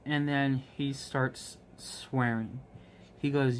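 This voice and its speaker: A man of middle pitch tells a workplace story in an easy, rambling way. He fills his talk with ums and restarts and livens up when he quotes others. A faint hiss sits under the recording. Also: little pitch movement, unhurried. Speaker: vlogger, restaurant manager. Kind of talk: casual storytelling while crafting.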